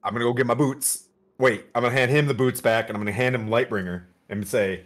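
A man playing a tabletop game, upbeat with quick asides. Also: medium pitch, steady tone, a bit bright. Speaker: player. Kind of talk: casual tabletop game chat.

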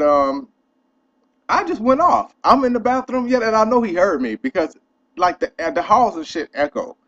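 A young man ranting in a casual vlog, profane and animated as he tells a story. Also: a little high, dull audio. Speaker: vlogger.

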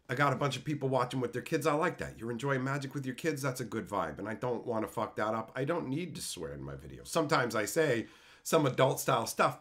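Foul-mouthed man ranting on a stream. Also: on the low side. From Canada. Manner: swears freely, animated and bragging, swings from loud to mumbled. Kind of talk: crude comedic rant on a live stream.

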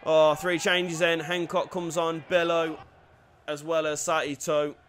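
A young man giving lively commentary over a football video game, dropping to quiet play-by-play and bursting into shouted cheers. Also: fairly high pitch, slow pace. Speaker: gaming YouTuber.

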